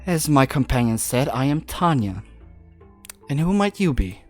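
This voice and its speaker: A woman's voice: a bass voice, very animated, measured pace, faint music behind, exaggerated voice. Woman playing a nagging, indignant companion. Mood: haughty. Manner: sharp and indignant. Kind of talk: tabletop role-play voicing.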